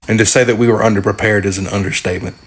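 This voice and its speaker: Low-voiced indignant man. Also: fairly even intonation, rapid-fire, slightly rough. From Appalachia. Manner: indignant, scolding. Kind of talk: angry reaction video. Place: at home.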